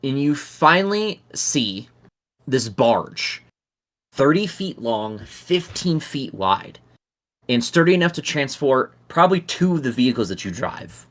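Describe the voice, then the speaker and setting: A man's voice: mid-range voice, big pitch swings, a little slow, a bit bright. A man narrating as game master in a casual, profane way, reading aloud with frequent restarts.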